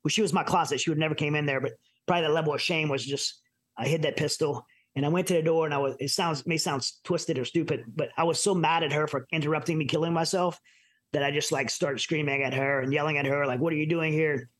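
A middle-aged man from the United States telling his personal story as an interview guest, earnest and halting with many restarts. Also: on the high side, steady tone. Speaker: podcast guest.

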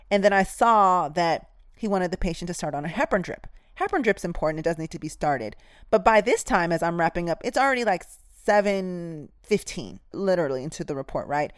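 A woman's voice: lowish voice, brisk, no echo, clean studio sound. A woman nurse telling a workplace story and giving advice, speaking candidly and emphatically in a conversational way with slang.

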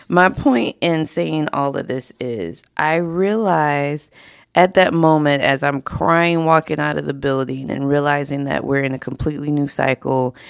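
Woman chatting on her podcast, candid and loose, bit of fry in her voice, dry room. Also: sits low, dry recording. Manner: chatty and candid, with frequent fillers and laughs. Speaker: podcast host. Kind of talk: casual solo podcast talk.

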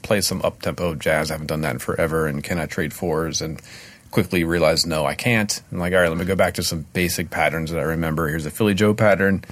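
A man's voice: low-pitched, fairly even intonation, quick pace, fairly bright tone, no room sound. A middle-aged man co-hosting a podcast, laughing easily and explaining drum patterns step by step. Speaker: podcast co-host. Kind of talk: casual chat.

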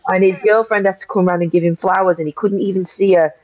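A woman's voice: mid-range voice, fairly even intonation, quick pace, no room sound. A woman, a guest in an interview, telling a personal story in an emotional rush full of restarts. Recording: dull lo-fi audio.

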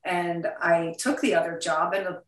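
A woman's voice: lowish voice, unhurried. New york woman in her 50s chatting in an interview, blunt and swears a lot, sounds kinda far off in a roomy space. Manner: animated, blunt and profane, laughing often. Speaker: actress guest. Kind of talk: casual interview. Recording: roomy sound, distant from the mic.

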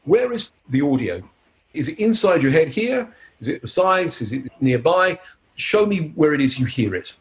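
A man's voice: fairly high pitch, big pitch swings, normal speed. A man, a hypnotist, leading a live teaching demonstration in an upbeat, playful way. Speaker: hypnotist giving a seminar.

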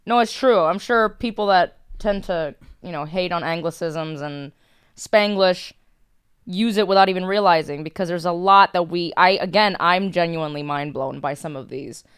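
A woman's voice: lowish voice, normal speed, smooth, dry recording, studio quality. A young woman, an actor, co-hosting a podcast in casual chat. She is easygoing, laughs often and swears casually. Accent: Cuban when speaking Spanish. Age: young adult.

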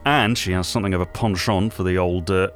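An actor playing a gossipy, self-regarding British local radio host with a British accent, rambling from one aside to the next in a comedy radio monologue. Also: male voice, sits low, steady tone, fairly quick, faint music behind, close to an everyday voice.

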